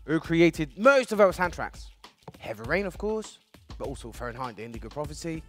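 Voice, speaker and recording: A man's voice: a little high, normal speed, over music. A man hosting a playful studio video series, joking and quipping as he presents. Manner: jokey, animated, sings snippets. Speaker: host.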